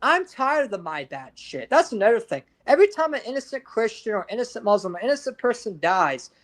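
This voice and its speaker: A man's voice: very high voice, lively intonation, fast, fairly bright tone. A man co-hosting a podcast, ranting in heated, profane casual chat with frequent restarts. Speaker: podcast co-host.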